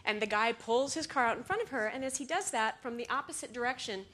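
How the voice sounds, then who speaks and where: A woman giving a talk to an audience, telling stories in an animated way, laughing now and then and acting out the lines she quotes. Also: fairly high pitch, fast talker.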